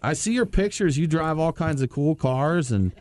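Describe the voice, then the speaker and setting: A man co-hosting a casual beer radio show, reading out local events in a relaxed way. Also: a little high, moderate pace. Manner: easygoing event-listing delivery. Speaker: podcast co-host.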